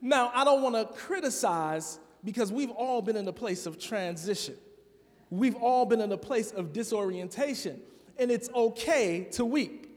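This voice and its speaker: A man from Chicago preaching a sermon in a church, talking conversationally to the congregation and building to loud, emphatic peaks. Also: sits high, animated, normal speed. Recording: long reverb of a large hall.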